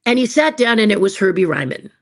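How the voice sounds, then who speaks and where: A woman guest on a podcast, telling stories in an animated, dramatic way and acting out the people in them. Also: mid-range voice, fast talker. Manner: animated, dramatic storyteller who acts out quotes. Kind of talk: podcast storytelling.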